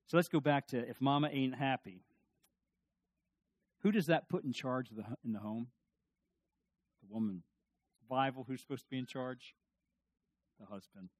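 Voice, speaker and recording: Male pastor, sermon, folksy storyteller, fairly high voice, dry close sound. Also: normal speed, pauses often, no echo. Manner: folksy, animated storytelling with asides.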